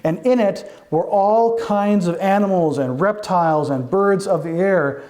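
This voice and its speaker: Animated pastor with a raised voice. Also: male voice, high-pitched, a little slow. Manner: conversational, animated preaching with asides. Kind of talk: sermon.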